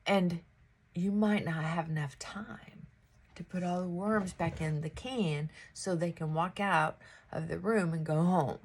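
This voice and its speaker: A woman vlogger chatting slowly and casually at home while she gets ready in the morning, stopping now and then to talk to her dog. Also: on the low side, a little hiss or hum. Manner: slow, chatty, talks to her dog between thoughts.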